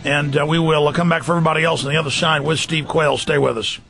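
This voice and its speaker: A man hosting a talk radio show, speaking in an urgent, rapid, forceful monologue with fillers. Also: on the high side, fairly even intonation, creaky, faint music behind.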